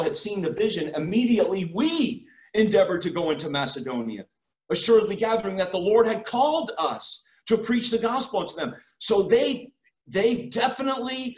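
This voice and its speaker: A man preaching a sermon as pastor, emphatic, swinging between loud and quiet passages. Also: high-pitched. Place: church. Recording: echoey room.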